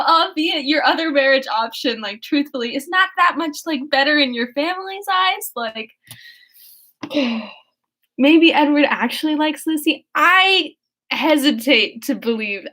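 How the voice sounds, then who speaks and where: Bubbly high-voiced young woman. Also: sharp tone. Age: young adult. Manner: bubbly, giggly and chatty. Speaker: audiobook reader. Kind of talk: casual chat and reading aloud.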